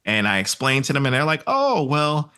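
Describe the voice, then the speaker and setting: A young man guesting on a podcast, telling a story in an animated, profane way and laughing as he acts out what others said. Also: medium pitch, fast talker, smooth. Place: podcast recording.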